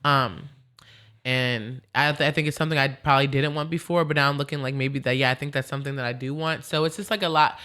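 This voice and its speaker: A woman hosting a podcast, chatting in an animated, rambling way and laughing easily. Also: very deep voice, fast talker. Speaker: podcast host. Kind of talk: casual chat.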